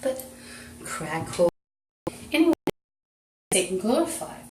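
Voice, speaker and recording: A woman talking on a phone live stream, rambling and jumping between topics, swinging from loud outbursts to muttering. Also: mid-range voice, sing-song, a little slow, echoey room, recorded from a distance, a little hiss or hum, low-quality recording. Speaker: livestreamer.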